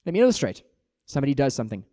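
A man preaching a sermon in an animated way, acting out small everyday scenes to make his points. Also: medium pitch, racing, no echo, studio quality.

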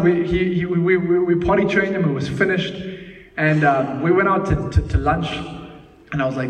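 A man's voice: on the high side, moderate pace. Preaching man in an echoey hall. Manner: lively, laughing storyteller. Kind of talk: sermon. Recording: echoey hall, mic at a distance.

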